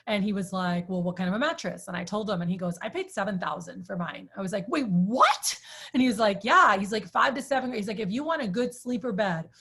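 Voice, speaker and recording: A woman in her thirties, chatty and animated, telling a personal story to a group, with many "like"s. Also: medium pitch, quick pace, gravelly, hardly any pauses, slightly rough. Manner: chatty, animated, says "like" often. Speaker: sales trainer.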